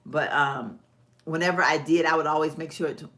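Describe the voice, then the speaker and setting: Low-voiced chatty woman vlogger. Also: fairly even intonation, fast, fairly bright tone. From Texas. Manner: chatty, folksy, laughs often, talks to viewers as "girl". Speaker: vlog host. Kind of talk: casual livestream chat.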